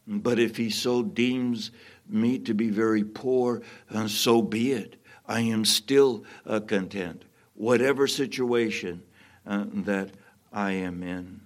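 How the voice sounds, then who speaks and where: Male pastor, sermon delivery, unhurried and emphatic, repeats key lines. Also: lowish voice. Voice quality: emphatic, repeats phrases for stress. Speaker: preacher.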